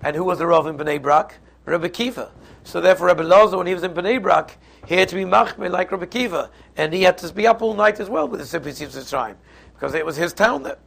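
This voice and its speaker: A man's voice: high voice, lively intonation, fast talker, vocal fry, fairly bright tone. A man, teaching a Passover Torah class and explaining it step by step, with frequent restarts. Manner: explanatory, mixes Hebrew and Yiddish terms, frequent restarts. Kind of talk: Torah lecture.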